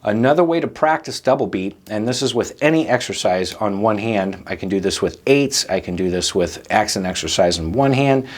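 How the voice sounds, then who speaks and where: A man teaching a drum lesson, explaining patterns in a relaxed way and counting in, often checking in with "okay" and "right?". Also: lowish voice, normal speed, hardly any pauses. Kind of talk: instructional lesson, counting aloud.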